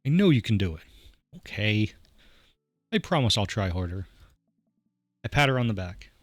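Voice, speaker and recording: Lively guy reading through a dating game out loud, jokey, mid pitch, dead dry sound. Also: normal speed, no room sound. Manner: animated, jokey, voices the player dad with warmth. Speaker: let's play host.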